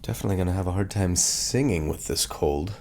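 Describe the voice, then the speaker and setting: A low, gravelly man talks casually to his viewers while nursing a cold, and his voice is turning hoarse. His tone is dark and mellow, and he rambles in a chatty way with warm thanks for his audience. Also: fast talker. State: has a cold, voice going hoarse. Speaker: YouTube host of a tabletop game channel. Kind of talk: casual chat to camera.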